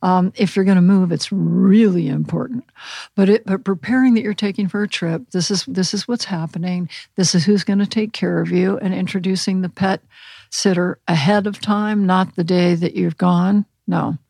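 Woman w/ a husky gravelly voice, calm teacher-ish tone, podcast guest, dry close mic. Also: on the low side, moderate pace, no room sound. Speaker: animal communication counselor. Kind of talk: podcast interview, guided visualization.

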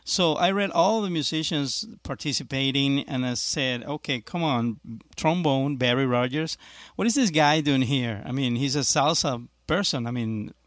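A man's voice: medium pitch, normal speed, fairly bright tone, dry recording. Male podcast host, dry sound. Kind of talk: interview chat.

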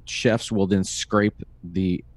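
A man's voice: low voice, steady tone, takes it slowly, no room sound. A man in his fifties, co-hosting a podcast from home, telling stories in a wry, dry casual chat. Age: 50s. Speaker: podcast co-host. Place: home recording room.

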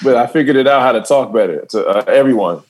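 A man's voice: medium pitch, fast. A man, a stand-up comedian, chatting as a guest and telling stories with frequent laughter and acted-out quotes. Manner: animated storytelling, frequent laughter, acts out quotes. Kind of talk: casual podcast chat.

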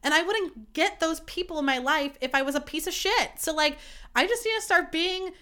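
Bright-voiced young woman podcaster. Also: very high voice, moderate pace. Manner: candid, profane, animated and self-mocking. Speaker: podcast host. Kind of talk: casual solo podcast chat.

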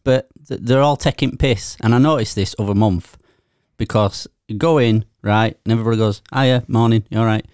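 A man's voice: lowish voice, moderate pace, hardly any pauses, darkish tone, no echo, studio quality. A man with a Yorkshire accent co-hosting a casual podcast chat, grumbling and swearing as he complains. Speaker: podcast co-host.

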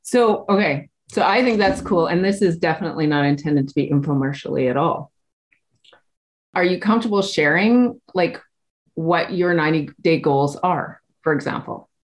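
A woman's voice: lowish voice, moderate pace. A woman coach hosting a casual interview, candid and swearing freely, with frequent "like" and "right?" between her thoughts. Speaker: podcast host and coach.

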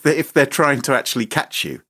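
A man's voice: medium pitch, very animated, a little fast, bright, forceful tone, husky, dry recording. A man hosting a podcast in casual chat, with dry, sarcastic humor. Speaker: podcast host.

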